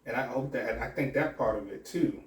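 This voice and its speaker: A man's voice: medium pitch, fairly quick, roomy sound, recorded from a distance. A man who works as a sheriff's deputy and academy instructor, talking candidly and reflectively in a podcast interview with many restarts.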